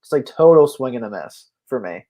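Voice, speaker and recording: A man co-hosting a casual comic book chat, talkative and quick to laugh, often restarting his sentences. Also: mid-range voice, expressive, mellow. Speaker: podcast co-host.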